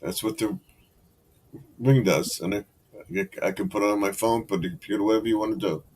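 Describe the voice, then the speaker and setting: A man's voice: fairly low pitch, steady tone, fairly quick. A middle-aged man hosting a live stream, chatting casually and rambling through stories about his family. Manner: rambling, loud when quoting others. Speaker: stream host. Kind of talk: casual chat.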